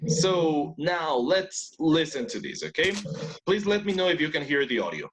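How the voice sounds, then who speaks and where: A man's voice: on the high side, very animated, moderate pace, slight background noise, low-quality recording. A man teaching English online, patient and repetitive, switching into to explain. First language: Spanish.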